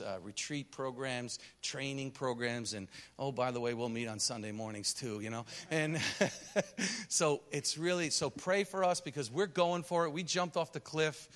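A missionary pastor speaking to a congregation on a church stage, telling stories and acting out the voices of the people in them. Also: male voice, medium pitch. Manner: animated storytelling, acts out quoted voices. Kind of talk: sermon testimony to a congregation. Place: church stage under lights.

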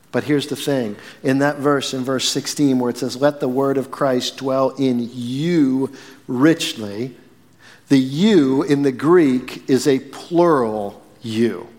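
A male pastor from the northern United States preaches in a church sanctuary, swinging between quiet, measured phrases and loud, emphatic ones. His voice is mid-range, and the recording carries a long hall reverb.

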